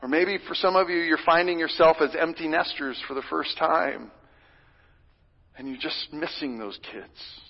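A male pastor preaching a sermon with earnest feeling, swinging from loud pleading to hushed whispers. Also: on the high side, normal speed, vocal fry, long reverb tail, muffled recording.

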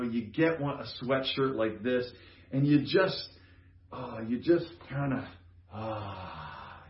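A man preaching a sermon in a conversational, playful teaching manner, getting the congregation to repeat words with him. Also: mid-range voice. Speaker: pastor. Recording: roomy, dull sound.

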